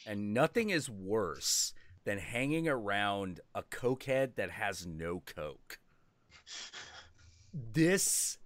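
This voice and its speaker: A man's voice: fairly low pitch, fairly bright tone, dry recording. A man hosting a stream, chatting casually and telling rambling, profane stories that he acts out in quoted voices. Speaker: stream host. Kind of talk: casual chat.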